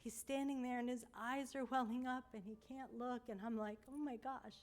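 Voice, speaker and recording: A woman telling a church congregation about a mission trip over slides, earnest and heartfelt, sometimes dropping to a hush. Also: on the high side, fairly even intonation, normal speed. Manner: earnest and heartfelt, with soft hushed moments.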